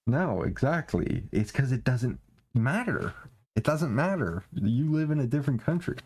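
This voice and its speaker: A man's voice: medium pitch, sing-song, normal speed, darkish tone, slightly rough. A young man from Canada, a streamer ranting in casual, profane chat while he plays, laughing often.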